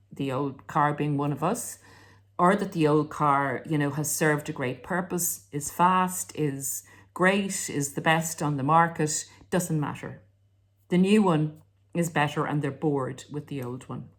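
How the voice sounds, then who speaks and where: A woman giving a casual explanatory monologue, acting out snippets of dialogue as she goes. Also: low-pitched. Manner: animated, acts out quoted dialogue. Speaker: relationship commentator.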